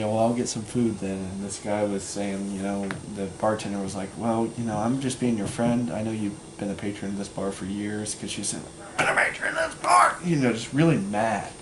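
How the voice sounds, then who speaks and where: A man's voice: lowish voice, steady tone, normal speed, hardly any pauses. Rambling young man in an echoey room. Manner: rambling, full of fillers, acts out quoted voices. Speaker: storyteller. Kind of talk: casual anecdote. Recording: echoey room with loud background noise.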